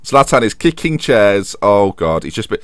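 A man commentates his football management game in a loose, chatty way, tossing in jokes and self-deprecating asides. His fairly low voice swings widely in pitch as he reacts. The sound is dry and close. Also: big pitch swings, normal speed, a bit bright, no room sound. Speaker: gaming YouTuber.

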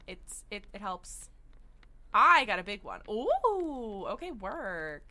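A young woman streaming a game, chatting excitedly with viewers and breaking into sing-song outbursts. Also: medium pitch, takes it slowly. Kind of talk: live gameplay commentary. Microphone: studio desk mic.

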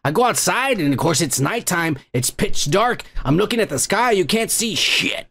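A man's voice: high-pitched, big pitch swings, moderate pace, gravelly, fairly bright tone, breathy edge. A man hosting his own podcast, talking in a profane, grumbling rant and cursing constantly. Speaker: podcast host. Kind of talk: profane ranting monologue.

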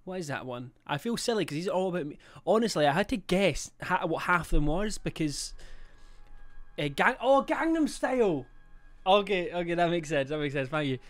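A man's voice: fairly high pitch, brisk, soft background music. A young man livestreaming a game, chatting casually, swearing a lot and reading out chat and subscriber messages. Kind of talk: casual live-stream chat.

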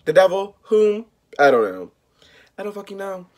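Young vlogger from the US, rambling profane rant, exasperated, middling pitch. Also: very animated, normal speed, a little mellow. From United States. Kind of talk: casual vlog rant.

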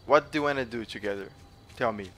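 A Brazilian man commentating gameplay for his viewers, excitable and jokey, swearing often and switching into Brazilian-accented English. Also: medium pitch, quick pace, slight background noise. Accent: Brazilian Portuguese. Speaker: gaming YouTuber.

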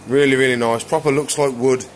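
Guy vlogging his reptiles, rambly and relaxed, mid pitched voice, bit of faint noise behind. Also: a little fast. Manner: rambling, relaxed, many "so yeah" fillers. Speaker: exotic pet keeper and vlogger. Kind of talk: casual chat while showing animals.

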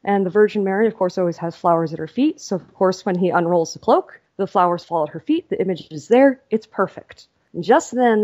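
A woman author, a podcast guest, telling a story in a lively, casual way. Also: mid-range voice, brisk, dull audio.

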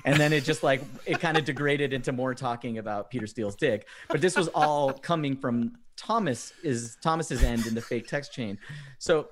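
A man telling funny stories as a podcast guest, animated and often laughing as he acts out quoted messages. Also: medium pitch, normal speed, a little hiss or hum. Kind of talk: casual storytelling chat.

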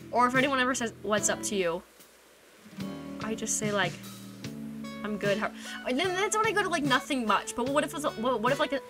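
Speaking fast with frequent pauses, a young woman with a high-leaning, animated voice rambles and giggles through casual chat with viewers while streaming a game, repeatedly interrupting herself. A desk microphone picks her up over background game music.

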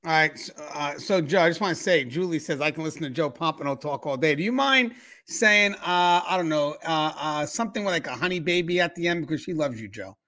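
A man's voice: a little high, animated, brisk, bright, forceful tone. A man hosting a live-streamed talk show, upbeat and chatty as he greets viewers and steers the panel. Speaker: show host.

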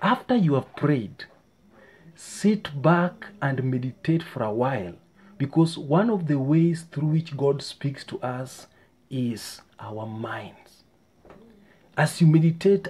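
Earnest preacher, husky and mellow. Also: male voice, fairly high pitch. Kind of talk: short sermon.

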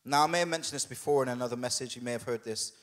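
A man preaching a sermon as a pastor, conversational and humorous, putting on quick voices for the people in his story. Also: medium pitch, fairly bright tone, in a large hall. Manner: conversational and humorous, with quoted asides. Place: church hall.

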